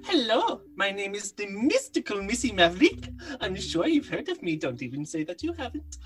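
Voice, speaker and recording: A woman's voice: medium pitch, big pitch swings, moderate pace, soft background music, natural voice. A woman playing a grandiose, self-important mystical adventurer heroine. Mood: boastful.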